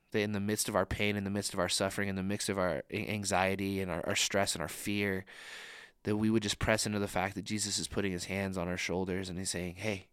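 A man's voice: sits low, a bit bright, clear, resonant tone, dry recording, clean studio sound. A young man preaching a sermon in an earnest, conversational way, with frequent casual fillers. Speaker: pastor.

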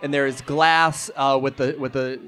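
A man's voice: mid-range voice, fairly even intonation, normal speed, a bit bright. A man playing and narrating a tabletop role-playing game, joking and describing scenes with many fillers. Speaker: player and game master. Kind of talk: improvised tabletop role-play.

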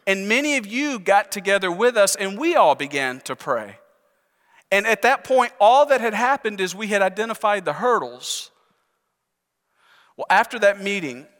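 Male pastor, earnest conversational sermon, bright tone, reverberant church sanctuary. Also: fairly high pitch. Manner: earnest, conversational, rhetorical questions. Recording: long reverb in large hall.

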